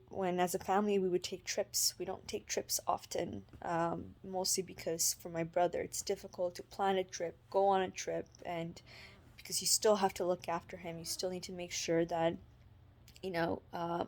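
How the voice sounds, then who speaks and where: Young canadian woman vlogging about faith, kinda low flat voice, lots of um and you know. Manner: halting, many fillers and restarts. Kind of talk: personal faith vlog.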